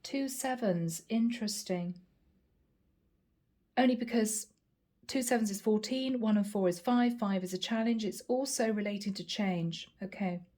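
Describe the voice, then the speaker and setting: Mellow-voiced woman doing a tarot reading. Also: mid-range voice. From Ireland. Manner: chatty, drawn-out emphatic phrasing. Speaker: tarot reader.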